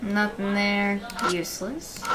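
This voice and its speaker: A let's play streamer speaks slowly in a mid-range voice with fairly even intonation, against very loud game music and noise. She chats casually, reads the game's text, thinks aloud, and goes quiet and murmury while exploring.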